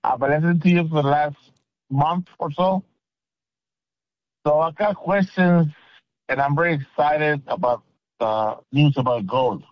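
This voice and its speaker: A man's voice: fairly high pitch, a little slow, pauses often, no echo, dull audio. A man calling in to a radio show, polite and a little hesitant as he asks his question. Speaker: caller. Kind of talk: phone-in question.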